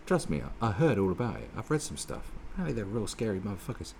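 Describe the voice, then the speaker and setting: Gravelly, sweary man ranting. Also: fairly low pitch, very animated, fast talker, darkish tone, slight background noise. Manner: sweary, sarcastic, rambling with many restarts. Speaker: political commentator. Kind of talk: ranting monologue.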